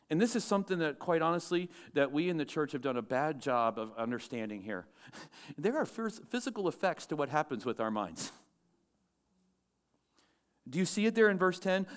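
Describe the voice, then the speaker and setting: A male pastor delivers a sermon in a church with a smooth, resonant voice pitched a little higher than most men's. He preaches in an animated way, putting questions to the congregation and growing loud when he reads scripture aloud.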